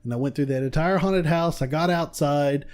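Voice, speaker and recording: A young man, a podcast co-host, telling a story in casual chat, animated and laughing, swearing freely. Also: on the high side, moderate pace.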